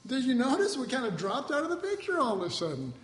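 High-voiced man preaching in a hall. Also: huge pitch swings, fast talker. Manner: emphatic, conversational, acts out his own inner dialogue. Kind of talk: sermon, Bible teaching. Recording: hall reverb with faint background noise.

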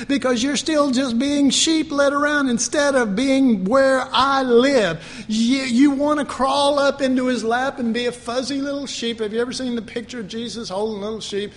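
A man preaching a fervent sermon, swinging between loud outbursts and quiet asides. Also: extremely high pitch, long reverb tail.

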